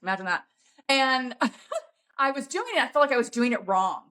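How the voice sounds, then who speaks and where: A woman's voice: fairly high pitch, expressive, moderate pace, bright, forceful tone, a little hiss or hum. A woman talking bluntly and emphatically as a podcast guest, swearing often in a coaching tone. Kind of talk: casual podcast conversation.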